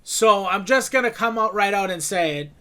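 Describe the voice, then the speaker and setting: A man's voice: high-pitched, expressive, moderate pace, pushed and bright. A man co-hosting a gaming video, chatting casually in a boastful, rambling way with many restarts. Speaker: co-host of a gaming channel. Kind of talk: casual gameplay chat.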